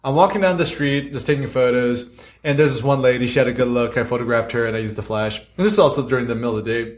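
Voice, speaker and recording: Guy telling stories on a podcast, animated, does little voices for people, laughs a lot. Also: medium pitch, fast. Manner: animated, laughs often, acts out quotes. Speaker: guest street photographer. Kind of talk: casual podcast storytelling.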